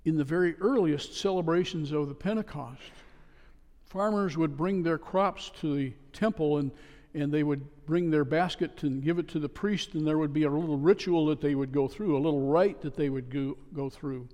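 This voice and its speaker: A man's voice: fairly high pitch, normal speed, darkish tone. A man preaching a sermon as a pastor, telling stories in an earnest, plain way. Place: church sanctuary. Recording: long reverb of a church hall.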